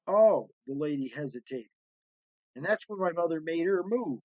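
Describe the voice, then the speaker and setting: Animated male storyteller, high voice. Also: normal speed, no echo. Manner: animated, acts out voices in quotes. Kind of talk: spoken personal storytelling. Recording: dry, slightly dull sound.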